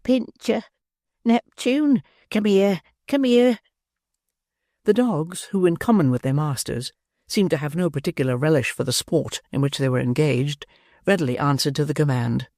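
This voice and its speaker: A man narrating an audiobook of a classic novel with a measured, expressive reading. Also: a little high, no echo, clean studio sound. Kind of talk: scripted narration.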